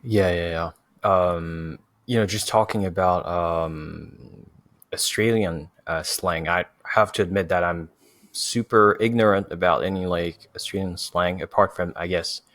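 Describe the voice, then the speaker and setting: A man's voice: low voice, steady tone, a little slow, a bit bright, dry recording. A man hosting a casual interview, speaking hesitantly with many fillers. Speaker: host.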